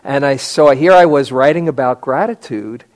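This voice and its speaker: An older man telling a personal story in a meditation talk, halting with many fillers and restarts. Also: medium pitch, a little mellow. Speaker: meditation teacher.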